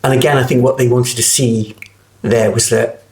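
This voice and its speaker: A man's voice: medium pitch, steady tone, moderate pace, a little hiss or hum. A middle-aged man, chatting as an interview guest and acting out quoted voices as he tells stories. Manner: chatty storyteller, acts out quotes, many restarts. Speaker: guest actor. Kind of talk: casual interview chat.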